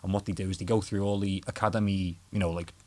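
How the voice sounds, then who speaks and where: A man's voice: low voice, fast talker. Laughing, swearing Scouse man. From Liverpool, England. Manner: animated, swearing storyteller who laughs often. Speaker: guest guitarist. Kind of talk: casual podcast chat.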